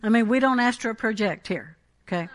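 Bright-voiced woman preaching emphatically. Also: fairly high pitch, expressive, slow pace. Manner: emphatic, checks in with the congregation. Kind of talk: Pentecostal sermon.

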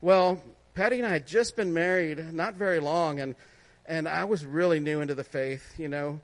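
A man's voice: fairly high pitch, moderate pace. A middle-aged man preaching a testimony sermon in a conversational way, often laughing and checking in with listeners.

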